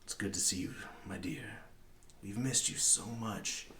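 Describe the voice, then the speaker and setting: A man voicing a large, menacing man who speaks with false warmth and slow, soft menace. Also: fairly low pitch, distant mic, noisy background, voice pushed up, lightly acted.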